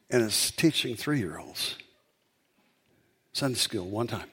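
A man's voice: lowish voice, animated, a little slow, long pauses, fairly bright tone, husky. A man, a pastor, preaching a sermon and telling a story, building up to emphatic peaks.

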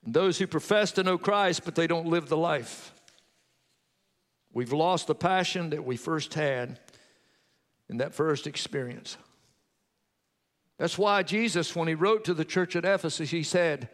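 Male preacher, high tenor, telling a testimony then exhorting; long hall reverb. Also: measured pace, long pauses. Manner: storytelling, quoting a convert's testimony. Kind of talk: sermon.

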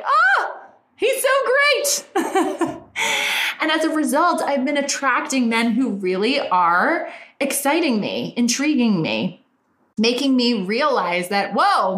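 A woman's voice: a little high, a bit bright, reverberant. A woman with a Californian Valley Girl accent, a coach speaking straight to her viewers in an earnest, enthusiastic, self-revealing way. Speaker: dating and business coach. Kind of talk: motivational solo talk to viewers.

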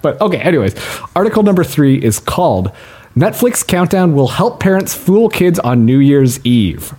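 A man's voice: a little high, darkish tone, slightly rough. A man hosting a comedy podcast, reading news articles aloud and joking with his co-hosts, including pretend phone calls. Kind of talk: casual comedy podcast chat.

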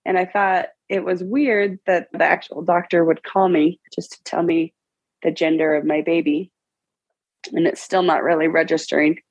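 A woman around forty, a guest in an interview, tells a personal story in an emotional, halting way with many restarts. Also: on the low side, level tone, breathy edge, no room sound, highs cut off.

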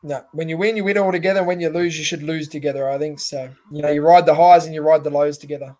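A man's voice: on the high side, steady tone, quick pace, dark tone. A young Australian man, a boxer guest on a podcast, talking earnestly and rambling with lots of "you know"s. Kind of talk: casual podcast interview.

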